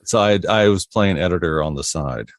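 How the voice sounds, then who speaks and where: A man's voice: low voice, normal speed, no room sound, clean studio sound. A middle-aged man, a voiceover artist, talking easily in an interview and telling stories about his work with frequent chuckles. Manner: easygoing, anecdotal, chuckles often. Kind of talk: relaxed interview conversation.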